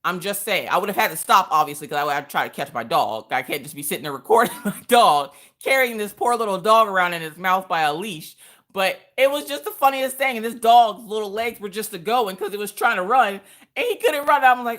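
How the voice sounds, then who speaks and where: A woman hosting a craft livestream, telling a story in a sassy, blunt, animated way. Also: mid-range voice, a little fast. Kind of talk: casual storytelling chat.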